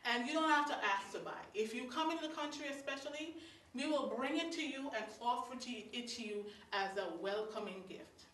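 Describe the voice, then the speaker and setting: A woman from Guyana with a Guyanese accent, telling stories to a live audience in a lively, chatty way, laughing between lines. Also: high-pitched, slight background noise. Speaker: storyteller. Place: meeting hall of a religious society. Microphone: distant room mic. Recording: echoey hall from far off.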